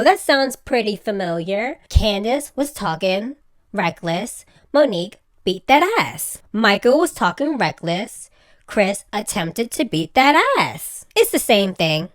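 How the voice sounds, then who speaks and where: A woman's voice: on the high side, expressive, moderate pace. A woman giving a casual, exasperated recap rant about a reality show, acting out the people she quotes in mock voices. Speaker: reality TV commentator.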